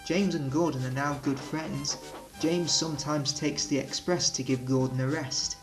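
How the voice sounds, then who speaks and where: A man narrating a children's railway storybook with gentle, expressive storytelling. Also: fairly high pitch, normal speed, faint music behind, rough recording.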